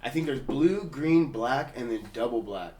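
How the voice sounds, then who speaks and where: A man's voice: mid-range voice, lively intonation, a little slow, warm tone, roomy sound, a little hiss or hum. A young man from California hosting a podcast, telling a story in a loose, profane, slangy way and acting out what people said. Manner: profane, slangy, acts out quotes. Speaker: podcast host. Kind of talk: casual storytelling chat. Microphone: portable handheld recorder.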